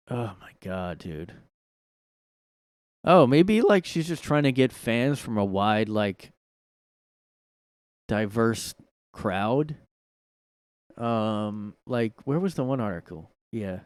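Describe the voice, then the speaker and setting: A man riffs alone on his podcast in a sarcastic, mocking tone and often laughs at his own lines. His voice sits at a middle pitch. It is recorded close and dry, with no room sound. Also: big pitch swings, takes it slowly, pauses often, no echo. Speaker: podcast host. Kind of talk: casual solo commentary. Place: home room.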